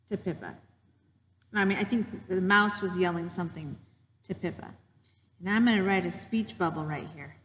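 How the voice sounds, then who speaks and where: A woman teacher telling a true story to children in a gentle, patient way while she draws. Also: lowish voice, big-room sound, slight background noise, rough recording.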